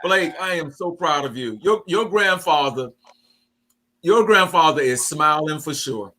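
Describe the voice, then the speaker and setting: A high-pitched man talks on a video call with a bright, forceful ring. He is excitable and effusive, his voice breaking with emotion as he pays tribute. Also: a little slow. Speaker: guest poet.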